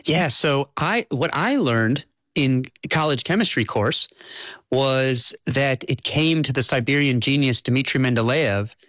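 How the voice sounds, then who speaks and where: Author guest, male, calm explanatory interview voice, dry recording. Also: medium pitch, no room sound. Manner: explanatory, measured storytelling. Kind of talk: conversational interview.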